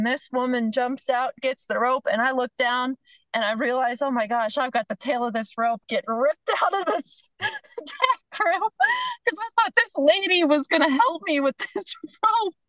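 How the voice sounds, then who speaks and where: A middle-aged woman with a somewhat high voice tells a story with lots of animation, playing out each person's lines and laughing as she goes. The sound is close and dry, with no room around it. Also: dry recording, poor audio. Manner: animated storyteller, acts out the other people's lines, laughs between phrases. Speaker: horse trainer, podcast guest. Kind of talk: casual storytelling chat.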